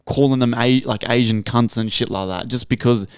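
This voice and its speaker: A man's voice: mid-range voice, steady tone, moderate pace, clear, resonant tone, dry recording, studio quality. A man co-hosting a casual podcast chat, loose and blunt, swearing freely. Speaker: podcast co-host.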